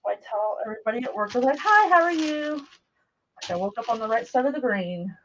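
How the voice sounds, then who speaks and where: A woman's voice: on the high side, rapid-fire, darkish tone, slight background noise. Chatty middle-aged woman on a dull stream. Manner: chatty and rambling, greets viewers by name. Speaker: craft livestream host. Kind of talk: casual chat while crafting live. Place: home craft room. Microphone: camera mic while moving around a table. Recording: dull lo-fi live stream audio.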